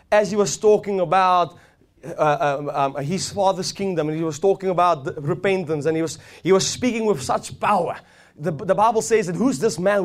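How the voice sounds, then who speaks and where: High-voiced fervent male preacher. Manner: fervent, rising and swelling as he preaches, with repeated phrases. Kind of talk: sermon.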